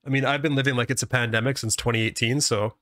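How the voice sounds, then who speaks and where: A man chatting casually on a podcast and cracking dark jokes. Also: medium pitch, quick pace. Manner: joking, deadpan dark humor. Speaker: podcast co-host. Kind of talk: casual chat.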